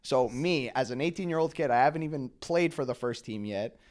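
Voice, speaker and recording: Animated young man telling stories. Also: mid-range voice, normal speed. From Canada. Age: young adult. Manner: animated storytelling with many "like" fillers. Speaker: guest, pro soccer player. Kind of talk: casual interview chat.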